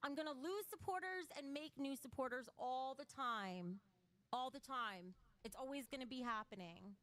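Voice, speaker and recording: A livestream host speaks bluntly and emotionally to her chat, swearing a lot and reading out chat donations. Her voice sits high and is fairly bright, at a normal speed.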